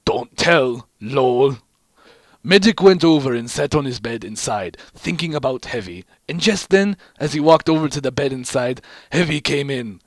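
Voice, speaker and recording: A man's voice: medium pitch, animated, moderate pace, no room sound. A man hosting his own channel, casually reading a fan fiction story aloud in a wry tone and stumbling over words now and then. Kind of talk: casual amused read-aloud.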